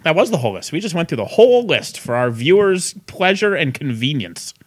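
A man's voice: fairly high pitch, big pitch swings, a little fast, no echo, clean studio sound. A man co-hosting a casual chat show, talking loosely with profanity and frequent laughter. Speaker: podcast co-host.

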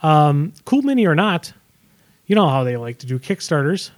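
A man's voice: on the high side, sing-song, normal speed. A man co-hosting a podcast in casual chat, joking and complaining. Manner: joking, complaining, sings along. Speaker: podcast co-host.

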